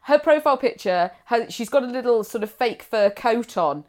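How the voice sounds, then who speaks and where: A woman's voice: a little high, lively intonation, moderate pace. A woman co-hosting a podcast, reading out listener messages in a giggly, playful way with theatrical emphasis. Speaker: podcast co-host.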